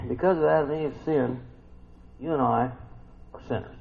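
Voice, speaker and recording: A man preaching a sermon who swings from hushed, intimate lines to sudden excited outbursts. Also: mid-range voice, moderate pace, gravelly, pauses often, narrow, tinny audio. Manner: swings from hushed to shouting bursts.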